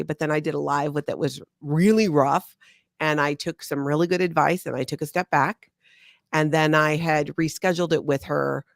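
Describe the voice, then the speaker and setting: A woman co-hosting a casual chat, reading reviews aloud in an animated, self-mocking way with frequent laughs. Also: low voice, no room sound, clean studio sound. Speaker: co-host, former member discussing the church.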